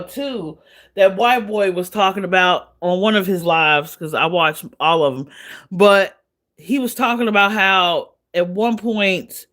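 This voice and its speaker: A woman's voice: mid-range voice, a bit bright. Blunt woman gossiping on a livestream. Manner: blunt, profane, chatty, laughs often. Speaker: livestream host. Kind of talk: casual gossip commentary.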